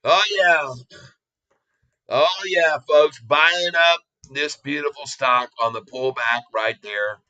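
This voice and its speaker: A man hosting a casual livestream, commenting on his trades with excitable bursts of cheering. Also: a little high, slow, muffled recording.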